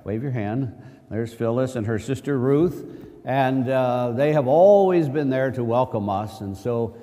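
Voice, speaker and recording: A man's voice: mid-range voice, measured pace, mellow. A male priest giving a conversational sermon, full of rhetorical questions and joking asides. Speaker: Catholic priest. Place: church. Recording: long church reverb.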